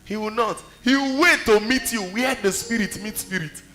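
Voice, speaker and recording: High, forceful Nigerian preacher. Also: male voice, moderate pace, faint music behind. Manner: emphatic storytelling preaching with rhetorical questions. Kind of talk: sermon.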